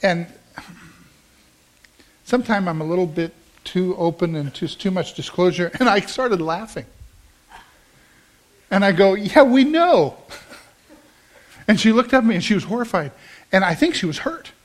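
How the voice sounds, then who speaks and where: Male pastor, middle-aged, high voice, conversational storytelling sermon. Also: moderate pace, pauses often. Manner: storytelling, conversational with emphatic rises.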